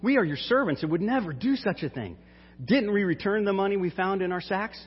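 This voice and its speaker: A man's voice: sits high, lively intonation, fairly quick, husky, voice pushed up. A man reading aloud as brothers protesting their innocence, in an indignant, protesting manner. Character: alarmed group of male brothers protesting innocence. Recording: dull hall reverb.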